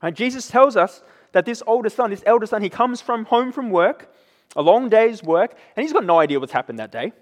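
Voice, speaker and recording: A man's voice: high voice, animated, a little fast. A man preaching a sermon who keeps checking in with his listeners by asking "right?". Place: church. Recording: long echo of a church hall.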